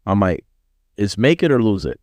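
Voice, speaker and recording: A man's voice: fairly low pitch, normal speed, no room sound. A man from Miami in his thirties, a visiting artist telling a long story in casual, profane talk, acting out the people he quotes. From Miami, USA. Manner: profane, animated, acts out quoted voices. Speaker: artist guest.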